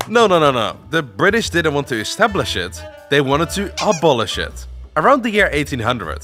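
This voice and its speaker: A man narrating an animated history video in a playful, scripted way. His voice is bright and a touch high, rising and falling very expressively. Soft music runs underneath.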